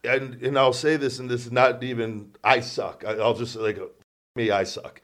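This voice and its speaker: A man's voice: medium pitch, flat delivery, normal speed, a bit bright. A man hosting a podcast in casual chat, sarcastic and self-deprecating, rambling with many restarts. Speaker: podcast host.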